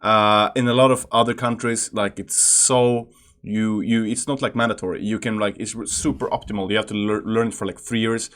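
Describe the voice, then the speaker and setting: A man's voice: on the low side, steady tone, a little fast, a bit bright. A young Swedish man with a Swedish accent, giving loose, chatty reaction commentary with plenty of fillers and restarts. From Sweden. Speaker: reaction channel host.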